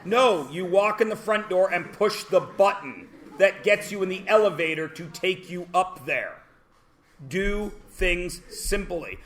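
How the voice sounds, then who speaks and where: A man's voice: high-pitched, animated, unhurried, a bit bright. Canadian man teaching a math class. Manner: chatty, asks the class questions and answers them himself.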